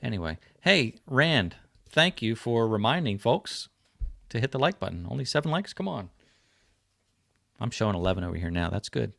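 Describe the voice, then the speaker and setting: A man's voice: medium pitch, very animated, normal speed, vocal fry, fairly bright tone, dry recording, clean studio sound. A man from New Jersey hosting a casual livestream, chatting loosely with lots of fillers. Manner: rambling, friendly, lots of fillers. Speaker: livestream host.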